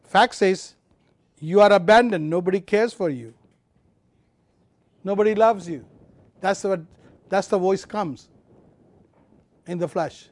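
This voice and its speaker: Impassioned high-voiced male preacher. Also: no room sound. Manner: impassioned, swinging from loud emphatic to quiet low; repeats phrases, draws out key words slowly. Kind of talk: sermon.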